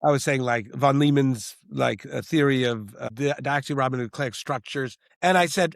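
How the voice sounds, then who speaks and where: A middle-aged man, a screenwriter and director, talking in an interview in an animated, rambling way with many restarts. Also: mid-range voice, brisk, gravelly, hardly any pauses, dry recording, studio quality. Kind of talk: interview conversation.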